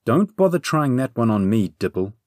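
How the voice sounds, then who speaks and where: A man's voice: medium pitch, expressive, fairly quick, darkish tone, dry recording, clean studio sound, pitched above the performer's own voice, close to an everyday voice. A man voicing a hectoring, lecturing male companion who scolds in a storybook reading. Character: hectoring know-it-all male companion Bernie.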